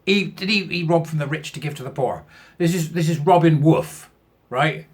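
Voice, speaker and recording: A man's voice: fairly high pitch, moderate pace. A man, reading out a news article and mocking it sarcastically, laughing often at his own jokes. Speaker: commentary channel host.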